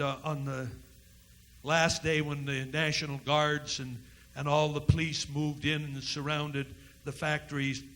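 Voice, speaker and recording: A man giving a dramatic first-person historical monologue on a college forum stage, oratorical and impassioned, with slow emphatic build-ups. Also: fairly high pitch, fairly bright tone, a little hiss or hum, rough recording. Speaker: historical reenactor.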